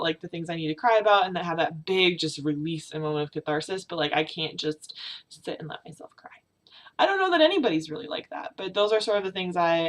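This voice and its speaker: A young woman vlogging about her feelings, on the verge of tears, talking haltingly with many fillers and restarts. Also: on the low side, a bit bright. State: tearful, on the verge of crying. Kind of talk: personal confessional vlog.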